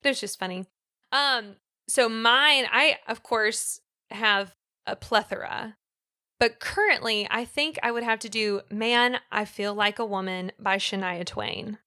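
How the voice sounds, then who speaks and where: Bright, crisp-voiced chatty woman. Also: fairly high pitch, a little slow. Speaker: podcast co-host. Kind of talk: casual chat.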